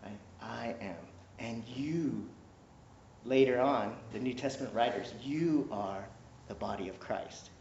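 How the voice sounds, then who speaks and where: A man's voice: mid-range voice, measured pace, a little hiss or hum. Male pastor, conversational sermon, playful, roomy echo, muffled audio. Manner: conversational, animated, keeps asking "right?"; playful, jokes with the congregation. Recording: echoey room, dull lo-fi sound.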